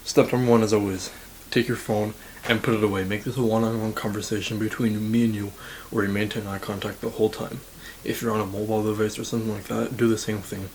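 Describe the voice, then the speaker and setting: An eighteen-year-old Canadian university student talks fast to the camera in a fairly low, flat, slightly mellow voice, handing out blunt, casual self-improvement advice. He swears freely and says "like" constantly in this motivational piece. The audio is poor, with a little hiss or hum.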